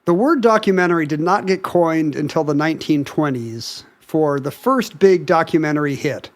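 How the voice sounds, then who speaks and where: Male podcast co-host, higher-pitched voice, quick and wry, lays out facts between jokes. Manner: quick, joking, explains at length. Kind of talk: casual chat.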